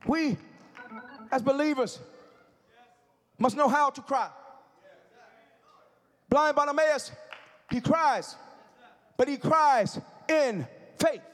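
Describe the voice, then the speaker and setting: Very high-voiced preacher man, shouting. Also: slow, pauses often. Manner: emphatic, rising to shouted preaching with call-and-response. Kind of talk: sermon. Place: church.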